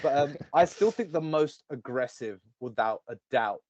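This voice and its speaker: A man co-hosting a casual podcast chat, animated and prone to silly high voices. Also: moderate pace, no echo, muffled recording. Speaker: podcast co-host.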